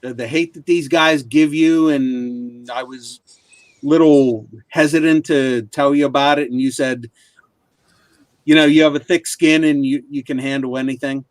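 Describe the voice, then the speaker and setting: Steady male co-host, dry sound. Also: medium pitch, a little slow, dry recording. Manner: steady, guiding the segment. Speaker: show co-host. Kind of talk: casual chat.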